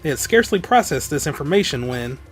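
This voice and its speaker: A man reads a visual novel aloud for his let's play in a fairly high voice. He delivers it as dramatic storytelling, breaking off now and then for offhand remarks, while faint music plays underneath. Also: sing-song, fast talker. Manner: dramatic read-aloud broken by offhand comments. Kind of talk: reading a visual novel aloud with casual asides.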